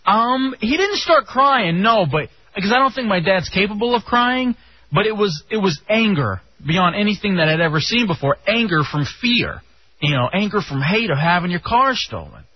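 A young man from Texas hosting a radio show, telling stories in an animated way with casual swearing. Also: high-pitched, moderate pace, breathy edge, no echo. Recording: dull lo-fi radio sound.

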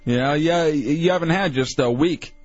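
A man's voice: a little high, unhurried, darkish tone, dry recording. A man hosting a late-night radio show, laid-back and teasing in casual banter. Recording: muffled lo-fi radio broadcast.

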